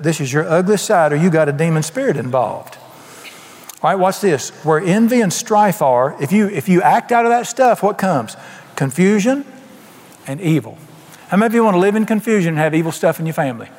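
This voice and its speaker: A man's voice: a little high, expressive, fairly quick, darkish tone, in a large hall. An older man preaching a folksy, emphatic sermon, asking the congregation questions. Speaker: pastor.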